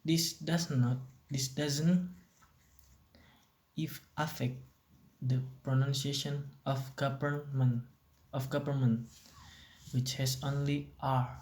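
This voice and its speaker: Young indonesian-accented guy doing a class presentation, slow and flat, keeps restarting and fixing himself. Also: mid-range voice. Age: young adult. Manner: hesitant, self-correcting, repeats words. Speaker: student presenter.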